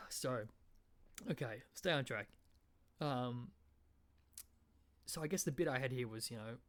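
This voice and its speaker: A man's voice: medium pitch, slow pace. A man with an Australian accent hosting a podcast, rambling through a profane comedic monologue full of fillers. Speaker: podcast host.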